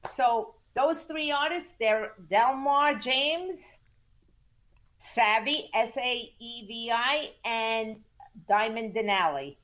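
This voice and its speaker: A woman guest in a casual interview, telling music business stories in an animated, emphatic way, repeating words for stress and cursing casually. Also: a little high, takes it slowly. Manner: acts out quoted voices in lively storytelling. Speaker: music manager and entertainment attorney, guest.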